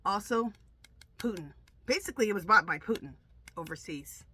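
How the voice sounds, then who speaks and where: A woman tarot reader talks to her viewers in a loose, rambling way, often restarting her sentences. Her voice is bright and forward, and her nose is stuffed up from allergies. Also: medium pitch, lively intonation, moderate pace, slight background noise. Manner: chatty, rambling, many restarts. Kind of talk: casual monologue to camera.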